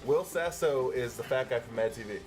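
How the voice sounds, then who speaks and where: A man co-hosting a casual movie review podcast, relaxed and full of fillers, swearing freely. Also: mid-range voice, fairly quick, soft background music. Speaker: podcast co-host.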